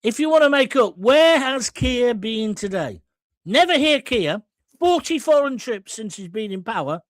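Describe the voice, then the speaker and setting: A man's voice: very high-pitched, very animated, measured pace, no room sound. A man hosting a live talk show, reading out viewer comments in a blunt, combative and jokey way. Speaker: host.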